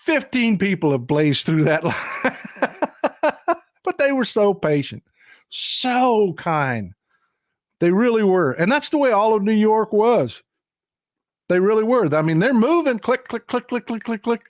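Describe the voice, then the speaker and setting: Texan guy chatting on his livestream, kinda high voice, folksy and emphatic, dry sound. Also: big pitch swings, measured pace, pauses often, dry recording. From Texas. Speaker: livestream host. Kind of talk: casual chat.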